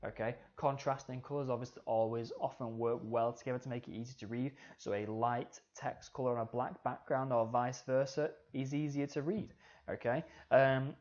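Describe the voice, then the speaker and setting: Relaxed male teacher, lo-fi audio. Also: medium pitch, normal speed. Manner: relaxed, says "okay" often, talks to students directly. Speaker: media studies teacher. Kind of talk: recorded slide lecture. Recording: slightly dull lo-fi audio.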